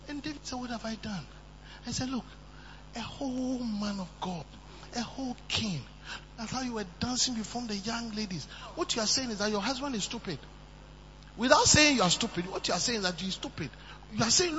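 Male preacher, bright piercing tone, shouts for emphasis, long hall reverb on a dull recording. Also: very high voice, fairly quick. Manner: animated, switching between soft asides and shouted emphasis. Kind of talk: sermon. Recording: muffled, with long hall reverb and faint hum.

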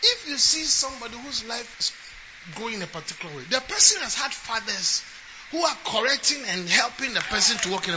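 A man preaches in a strikingly high voice, swinging from conversational storytelling into forceful, shouted emphasis. The sound is muffled and lo-fi, with a clear wash of noise behind him. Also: brisk. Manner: emphatic preaching, rising to shouts and acting out quotes. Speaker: bishop and preacher. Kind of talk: sermon. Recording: lo-fi with steady background noise.

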